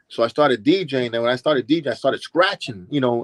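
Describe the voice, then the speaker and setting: A man's voice: mid-range voice, expressive, fast talker, few pauses, no echo. Storytelling Brooklyn man. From Brooklyn, New York. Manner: acts out quoted people with voice changes. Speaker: interview guest, former DJ and dancer. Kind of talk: casual storytelling.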